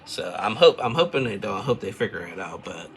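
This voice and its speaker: A man's voice: fairly low pitch, big pitch swings, a little fast, a bit bright, a little hiss or hum. A man casually recapping a reality TV episode, rambling and chatty with lots of fillers. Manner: rambling, chatty, loose filler-heavy storytelling.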